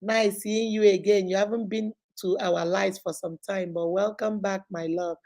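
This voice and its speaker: A woman's voice: medium pitch, steady tone, normal speed, darkish tone. A middle-aged woman with a Nigerian accent hosts a live stream, greeting viewers by name in an exuberant, preachy way.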